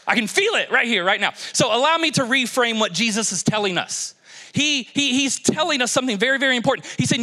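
A man from Kentucky preaching a lively, joking sermon to a church congregation on a handheld mic. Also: sits high, fast talker. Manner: energetic, joking, exhorting congregation. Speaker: pastor. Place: church stage.

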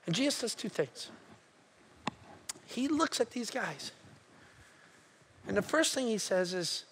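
A man preaching a sermon with emphatic repetition, dropping to a hush for quoted words. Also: high-pitched, sing-song, slow, long pauses, husky. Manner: emphatic, repeats phrases, drops to hushed tones for quotes. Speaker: pastor.

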